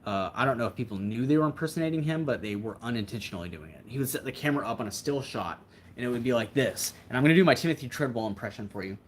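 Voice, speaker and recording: A man's voice: mid-range voice, expressive, very fast, a little hiss or hum. A man hosting a livestream, chatting casually in a rambling, reflective way. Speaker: livestream host.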